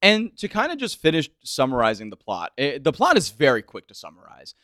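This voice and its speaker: Lively male podcast co-host. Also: a little high, a little fast, no echo, studio quality. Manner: lively, heavy use of "like" fillers. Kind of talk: casual chat.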